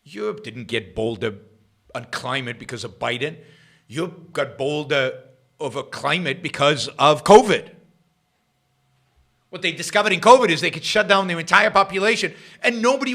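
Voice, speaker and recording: A middle-aged man hosting his own show, giving sarcastic political commentary that swings between loud jabs and muttered asides. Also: on the high side, lively intonation, normal speed, vocal fry. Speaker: podcast host.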